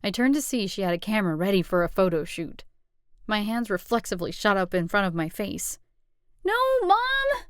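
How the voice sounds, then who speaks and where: Brief: woman audiobook narrator, expressive and steady, dry close sound. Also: medium pitch, a little fast, clear, resonant tone, no echo. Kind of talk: scripted narration.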